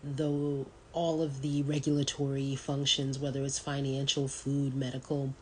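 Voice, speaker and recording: A very low-voiced woman in her thirties hosts a solo podcast, thinking out loud in a loose, meandering way. She fills her pauses with ums and you-knows, and a faint hiss sits under the recording. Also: completely flat delivery, low-quality recording. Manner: thoughtful and rambling, many ums and you-knows. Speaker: podcast host. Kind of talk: casual solo talk.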